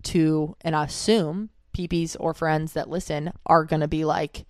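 Low-voiced young woman co-host. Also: fairly even intonation, dry recording, studio quality. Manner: earnest, deliberate, explains by hypotheticals. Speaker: podcast co-host. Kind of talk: casual chat.

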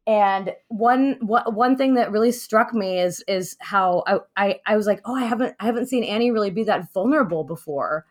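A woman's voice: medium pitch, moderate pace, hardly any pauses. A woman hosting a podcast, asking rambling questions with many restarts in casual conversation. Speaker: podcast host.

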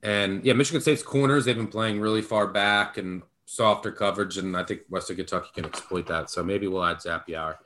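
A man's voice: sits low, brisk, few pauses, fairly bright tone, a little hiss or hum. A man co-hosting a sports betting podcast, talking emphatically with a jokingly apologetic edge. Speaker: podcast co-host, betting analyst. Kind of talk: casual sports betting chat.

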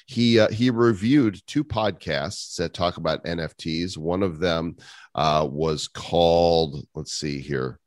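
A podcast co-host with a very low, deep voice, chatting with wry humor and dropping asides as he reads. The sound is close and dry, with no room around it. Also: slow pace, dry recording. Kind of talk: casual chat.

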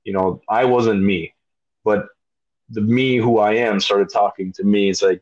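His voice sits fairly low and mellow, with fairly even intonation and an unhurried delivery. The speaker, a veteran in his thirties appearing on a podcast, relates his experiences casually and bluntly, with swearing and many fillers. The sound quality is dull and lo-fi.

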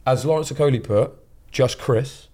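A man's voice: mid-range voice, normal speed. A man co-hosting a podcast in casual, playful chat. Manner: chatty, playful, excitable. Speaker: podcast co-host.

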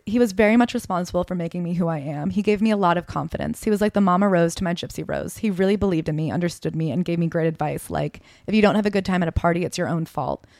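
A woman co-hosts a casual book podcast, talking quickly in a fairly low voice. She reads memoir passages aloud in a soft, subdued way. The sound is dry and close. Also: no room sound. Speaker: podcast co-host.

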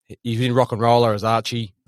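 A man's voice: medium pitch, flat delivery, fast talker, no echo, clean studio sound. A man co-hosting a podcast, running through actors' careers. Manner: reads off actor facts, steers the talk. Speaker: podcast co-host. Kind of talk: casual film review chat.

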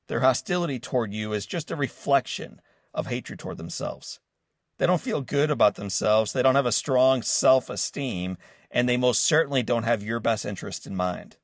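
A man voicing his quiet, humble male manager giving calm, measured advice. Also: medium pitch, creaky, dry recording, studio quality.

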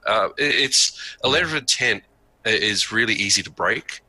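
Wry man with a bright, forceful voice. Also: lowish voice, moderate pace, low-quality recording. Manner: wry, explains industry details with asides. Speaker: podcast co-host. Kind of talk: casual panel chat.

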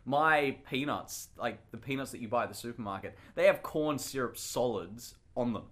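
A man's voice: mid-range voice, lively intonation, moderate pace, a bit bright. A man with an Australian accent, bantering and teasing in an opinionated way during a casual chat.

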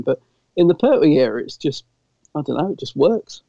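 Gravelly British man, casual fan chat. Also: fairly high pitch, sing-song, moderate pace, mellow, no echo, dull audio. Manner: enthusiastic, rambling with restarts. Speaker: podcast co-host.

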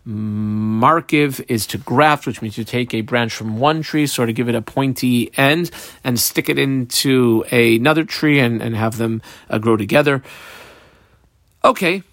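A man at a middle pitch works through a Talmud passage phrase by phrase, reading each line and then translating it in a patient, methodical way. He calls out his commas and margin notes as he teaches. The sound is close and dry, with no room around it. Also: unhurried, a bit bright, no room sound. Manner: reads Hebrew and Aramaic phrases, then translates each in plain talk; methodical, marks punctuation and notes aloud. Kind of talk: line-by-line Talmud study lesson.

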